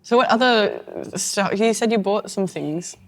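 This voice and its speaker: A woman's voice: mid-range voice, measured pace. A woman co-hosting a podcast in casual chat, teasing her co-host and laughing easily.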